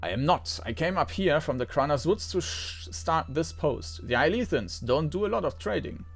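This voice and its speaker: A man's voice: on the high side, lively intonation, moderate pace, vocal fry, breathy edge, soft background music, heavily acted. A man reading out a nervous, eager male merchant in a game, in a strained and hesitant voice. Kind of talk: reading game dialogue aloud.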